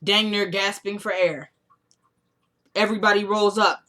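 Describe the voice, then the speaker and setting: Woman reviewer, chatty colloquial recap, lively retelling, average pitch. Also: measured pace. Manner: animated, colloquial storytelling that acts out the characters' lines. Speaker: TV episode reviewer. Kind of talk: casual episode recap.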